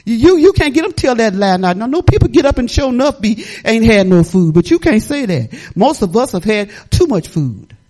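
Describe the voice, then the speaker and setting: A middle-aged woman pastor delivers a lively, down-home sermon, laughing and bantering with her congregation. Her voice sits fairly high, at a normal speed with barely any pauses.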